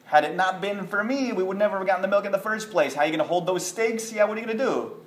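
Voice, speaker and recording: Cocky talking hands from a told fable, as a man puts them on. They scoff and needle quickly in a raised voice, with a roomy echo. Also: high-pitched, pitched above the performer's own voice, lightly acted. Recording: echoey room.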